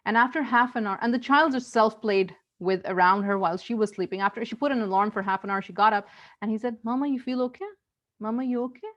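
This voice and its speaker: A woman's voice: mid-range voice, fast talker, fairly bright tone, highs cut off. A woman giving earnest parenting advice in casual talk, often repeating herself and restarting her sentences. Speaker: parenting coach.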